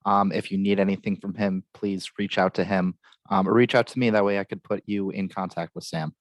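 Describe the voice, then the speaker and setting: A man with a fairly low voice hosts a podcast interview, recorded dry and close. He speaks encouragingly, offering brief affirmations and thanks. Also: fairly even intonation, brisk, no room sound. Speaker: podcast host.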